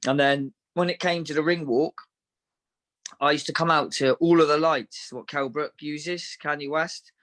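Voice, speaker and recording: A man's voice: a little high, fairly even intonation, moderate pace, fairly bright tone. Frank man telling stories. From Devon, England. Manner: frank, anecdotal, matter-of-fact. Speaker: professional boxer, interview guest. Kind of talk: casual interview storytelling.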